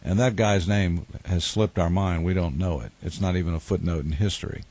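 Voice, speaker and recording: A man's voice: low-pitched, fairly quick, darkish tone, breathy edge, dry recording. A man, a musician and author telling wry, rambling stories in a radio studio interview. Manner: rambling, wry storytelling with restarts.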